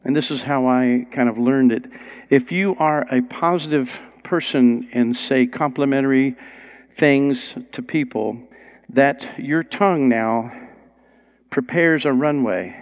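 A man's voice: mid-range voice, a little slow, lo-fi sound. A man preaching a sermon in a conversational, storytelling way. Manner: conversational, rising to excited storytelling.

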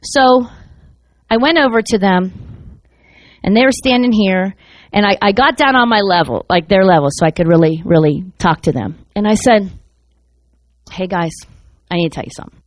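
A woman preacher telling a story in a sermon, animated and acting out the voices of the people in it. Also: medium pitch, moderate pace, no echo. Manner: animated, acts out voices in her stories.

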